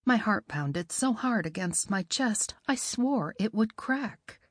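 A woman reading a first-person novel in a wry, expressive way. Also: mid-range voice, slow pace, no echo, studio quality. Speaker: audiobook narrator.

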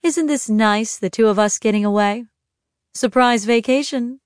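A woman's voice: a little high, moderate pace, smooth, dry recording, clean studio sound, pitched above the performer's own voice, close to an everyday voice. A woman reading an audiobook, voicing an anxious mother who speaks in a coaxing, falsely cheerful way. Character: anxious, bright-toned mother on the run. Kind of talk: audiobook narration.

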